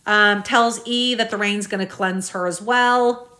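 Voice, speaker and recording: Bright-voiced woman reading aloud haltingly. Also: mid-range voice, steady tone. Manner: halting, with frequent ums and self-corrections; addresses viewers directly as "you guys". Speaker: true crime recap host. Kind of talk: casual reading aloud of journal entries.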